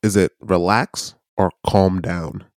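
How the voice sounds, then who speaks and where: A man's voice: low voice, steady tone, slow, a little mellow, dry recording, studio quality. A man co-hosting a podcast in casual chat, playful and often laughing, mimicking other people. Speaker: podcast co-host.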